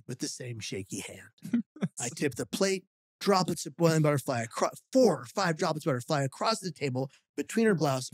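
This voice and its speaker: Husky-voiced man telling a lively story. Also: a little high, no room sound, clean studio sound. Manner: animated storyteller, acting out quotes. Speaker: guest. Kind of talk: storytelling in a podcast interview.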